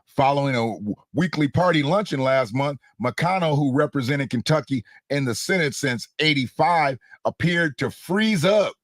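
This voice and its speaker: A man's voice: fairly high pitch, lively intonation, moderate pace, no room sound, studio quality. A man hosting casual political commentary, blunt and slangy, mocking and repeating phrases for emphasis. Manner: blunt, slangy, mocking, laughs at own jokes. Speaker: host.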